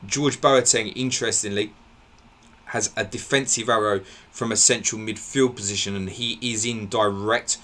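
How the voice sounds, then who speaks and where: A man hosting a live football podcast, briskly reeling off team line-ups and laughing at his own slips. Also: on the low side, fairly even intonation, bright, forceful tone. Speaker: podcast host.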